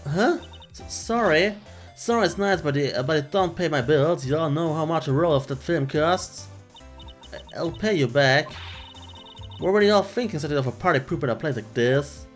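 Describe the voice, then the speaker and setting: A man voicing a brash young country woman photographer in a put-on Southern drawl, loud and folksy, reading game dialogue. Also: a little high, moderate pace, soft background music, pitched above the performer's own voice, close to an everyday voice. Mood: indignant. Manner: loud, twangy, folksy and bossy.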